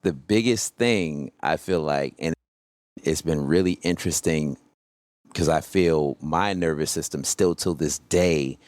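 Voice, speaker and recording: A man with a very deep, low voice tells stories at an easy pace as an interview guest. The sound is dry and close, and he often checks in with "you know what I mean". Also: measured pace, dry recording. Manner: relaxed storyteller, keeps saying "you know what I mean". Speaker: guest, coach. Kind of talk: casual interview storytelling.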